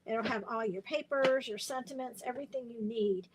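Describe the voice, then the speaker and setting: A woman's voice: on the high side, moderate pace, background noise. A woman hosting a casual craft live stream, chatty and rambling, with lots of fillers and restarts, and she sounds tired.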